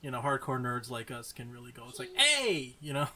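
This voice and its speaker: A man's voice: mid-range voice, level tone, quick pace, a crowd in the background. A man with a mid-range voice co-hosts a casual podcast chat. He rambles, restarts his sentences and wanders into nerdy side remarks. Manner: rambling, self-correcting, nerdy asides. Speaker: podcast co-host.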